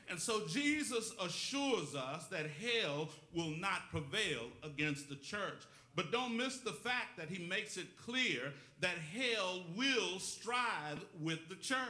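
A man's voice: fairly high pitch, pushed and bright, echoey room. A male pastor preaching a call-and-response sermon, rhythmic and calling on the congregation for witnesses. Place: church sanctuary.

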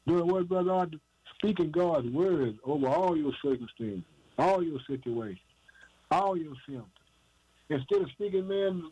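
A man's voice: a little high, lively intonation, measured pace, a little mellow, breathy edge, dull audio. A man preaching an informal sermon, asking and answering his own questions in an emphatic, repetitive cadence and often calling the listener "man".

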